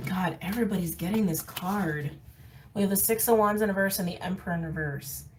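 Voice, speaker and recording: A woman's voice: mid-range voice, a little fast, recorded from a distance, slight background noise, rough recording. A woman giving a casual tarot card reading, candid and emphatic, often laughing and repeating phrases for emphasis. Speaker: tarot reader. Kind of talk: casual intuitive reading to camera.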